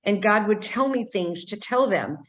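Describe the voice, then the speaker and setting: An older woman from San Diego, a psychic medium telling her life story in an interview, animated and acting out the voices she quotes. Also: medium pitch, moderate pace. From San Diego, California.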